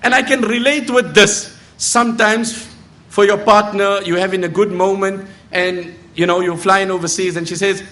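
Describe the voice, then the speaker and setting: Reciting verses in Arabic now and then, a middle-aged preacher delivers a sermon full of stories in which he acts out the characters. His voice is noticeably high, steady in tone, pushed and bright, at a normal speed.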